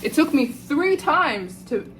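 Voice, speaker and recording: An American woman vlogging to her viewers, telling a story in a lively, indignant way and often calling out to "you guys.". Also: sits high, slow, slight background noise, rough recording. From United States. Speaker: travel vlogger. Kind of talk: casual storytelling to camera.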